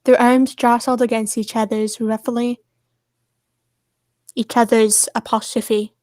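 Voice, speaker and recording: A woman's voice: on the high side, flat delivery, takes it slowly, a little mellow, dry recording, studio quality. A woman co-streamer chatting brashly with a friend and reading fan fiction aloud, laughing and swearing. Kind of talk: casual chat and reading aloud.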